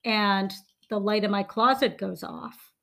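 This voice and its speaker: A woman's voice: mid-range voice, measured pace, vocal fry, fairly bright tone. A woman in her forties, a podcast co-host, telling a vivid dream story in casual chat, with frequent ums and restarts.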